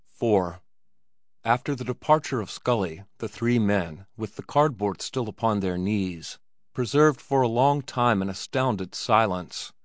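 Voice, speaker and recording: Low-voiced man narrating a story. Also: measured pace, no room sound, clean studio sound. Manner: steady storytelling delivery. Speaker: audiobook narrator. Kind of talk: scripted narration.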